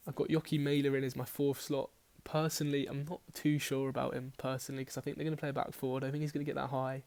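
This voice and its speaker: Going over his fantasy football picks, a man talks fast in a level, slightly mellow, medium-pitched voice. He's chatty and rambling, swears casually, and keeps correcting himself in this casual team-selection chat.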